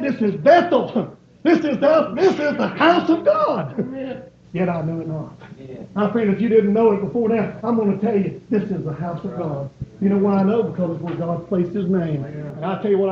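A man preaching a sermon, pleading and repeating his points with rising emphasis. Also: high voice. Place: church. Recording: echoey, dull church recording.

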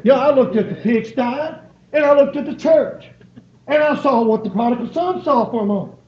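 A man's voice: extremely high pitch, expressive, brisk, a little hiss or hum. A man preaching a sermon, pleading and repeating his points with rising emphasis. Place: church. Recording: echoey, dull church recording.

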